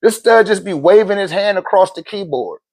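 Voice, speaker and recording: Male spiritual teacher, 30s, high voice, casual streetwise lecture style. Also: normal speed. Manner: animated, swings into loud shouted quotes; laughs often, swears, street slang.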